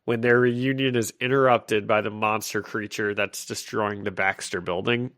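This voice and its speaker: A man's voice: lowish voice, steady tone, normal speed, fairly bright tone. A man co-hosting a podcast, chatting casually as he recaps a comic, laughing often and restarting his sentences. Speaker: podcast co-host.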